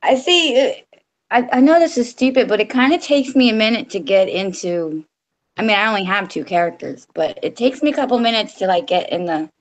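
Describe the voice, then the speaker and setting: A woman's voice: medium pitch, lively intonation, brisk, rough recording. A woman guest in a casual chat who has a slight lisp and talks in a hesitant, self-conscious way.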